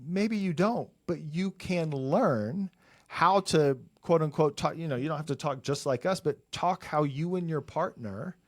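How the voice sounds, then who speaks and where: A man's voice: a little high, measured pace. Earnest man with a raised voice. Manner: earnest, thinks aloud with restarts. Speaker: couples counselor guest. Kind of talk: conversational podcast interview.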